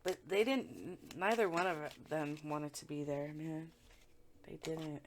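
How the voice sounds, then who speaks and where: Casual tarot reader, woman with a slightly low voice, blunt, profane, chatty delivery. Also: measured pace, background noise. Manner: chatty, blunt and profane, with frequent filler words. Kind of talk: casual tarot reading commentary.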